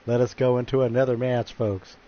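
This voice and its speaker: A man's voice: mid-range voice, level tone, fairly quick, highs cut off, slight background noise. A man hosting a game stream, giving jokey wrestling-announcer play-by-play, calling the crowd folks and often stumbling and restarting his phrases.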